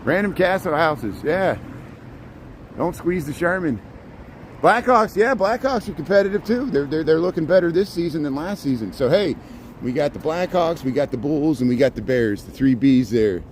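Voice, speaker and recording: A man's voice: a little high, animated, normal speed, slight background noise, rough recording. Chatty middle-aged man streaming while walking. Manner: rambling, chatty, greets viewers by name. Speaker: live-streaming walking vlogger. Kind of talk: casual live-stream narration. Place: outdoors on a city street. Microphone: phone held while walking.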